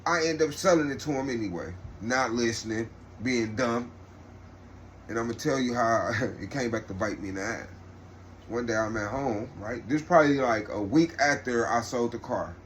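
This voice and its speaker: A young adult man telling a casual storytime with street slang, rambling and animated, restarting often. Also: mid-range voice, moderate pace, a little hiss or hum.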